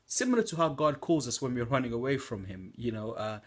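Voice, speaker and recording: A man's voice: medium pitch, expressive, fairly quick, few pauses. A young man giving an earnest preaching testimony from home at night, exhorting listeners with fillers. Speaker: church member giving a testimony.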